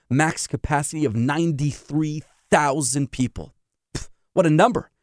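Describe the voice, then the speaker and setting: A man's voice: a little high, dry recording, studio quality. A man, a rabbi, giving a sermon full of stories and emphatic rhetorical questions. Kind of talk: sermon with storytelling.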